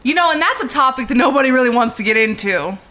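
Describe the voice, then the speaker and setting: A young woman, a comedian guest on a podcast, chatting casually and laughing off teasing with quick denials. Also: high voice, expressive, pushed and bright. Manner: giggly, protesting denials.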